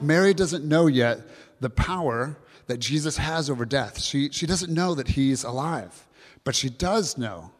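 A man's voice: mid-range voice, in a large hall. A man preaching a sermon, earnest and reflective, asking his listeners questions and reading scripture aloud. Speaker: pastor.

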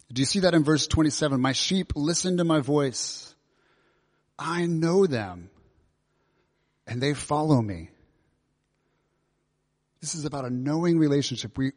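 A man preaching a sermon in a conversational way, asking his listeners many questions. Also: medium pitch. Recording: long reverb of a large hall.

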